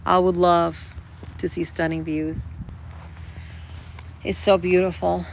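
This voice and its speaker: A woman's voice: fairly low pitch, little pitch movement, slow pace, gravelly, slight background noise, rough recording. A woman chatting casually with her livestream viewers, rambling and calling them girl and guys. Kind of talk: casual live chat.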